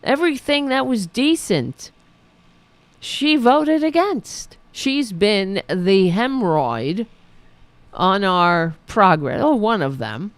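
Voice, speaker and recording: A woman's voice: medium pitch, sing-song, slow pace, no room sound. A woman hosting her own podcast, ranting about politics in a sarcastic, profane, mocking way. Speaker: podcast host. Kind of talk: political commentary rant.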